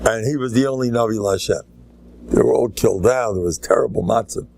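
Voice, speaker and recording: An older American man from Lakewood, a rabbi giving a humorous Torah lecture, joking and animated, mixing Yiddish and Hebrew words into his talk. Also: fairly low pitch, brisk, creaky, no room sound.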